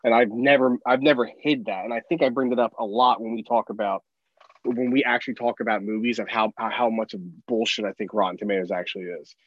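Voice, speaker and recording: A man's voice: lowish voice, steady tone, fast talker. A man in a mid-range voice rants bluntly and swears freely in casual podcast talk. His sound is a little dull and lo-fi, and it is dry with no room echo. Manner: blunt, profane, ranting. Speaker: podcast co-host. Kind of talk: casual movie podcast chat.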